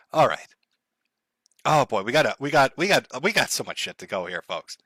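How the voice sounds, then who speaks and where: A man's voice: mid-range voice, fairly bright tone, dry recording, clean studio sound. A man streaming live in casual chat, sarcastic and profane, laughing often as he talks to his chat.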